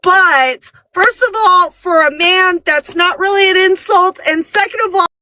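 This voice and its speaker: A woman in her thirties, a parent, tells stories on a podcast in casual chat, animatedly acting out quotes. Her voice is very high and unhurried, with no echo.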